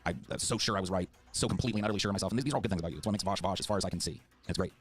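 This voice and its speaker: Brief: middle-aged male debater, low voice, rapid-fire, profane and impassioned. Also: slightly rough. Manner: fiery, profane, heartfelt. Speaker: political debater.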